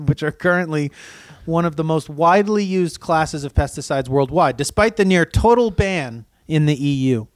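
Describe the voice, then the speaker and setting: A man's voice: a little high, lively intonation, no echo. A man co-hosting a podcast in casual chat, stumbling over words and correcting himself as he talks. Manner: stumbling, halting, self-correcting. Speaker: podcast co-host.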